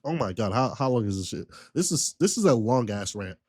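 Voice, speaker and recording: A man streamer telling a long story in a casual, slangy rant, full of repetition and animated retellings. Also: mid-range voice, brisk.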